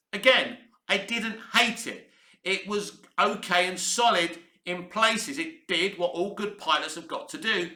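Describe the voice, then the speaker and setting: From a reverberant room at his base in Cyprus, a man offers a casual, candid TV review to camera, swearing freely and pulling no punches. His voice is high, pushed and bright.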